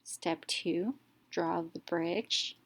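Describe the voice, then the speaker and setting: Lower-voiced woman teaching phonics step by step. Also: fairly even intonation, a bit bright. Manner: slow, deliberate, sounds out letters one at a time.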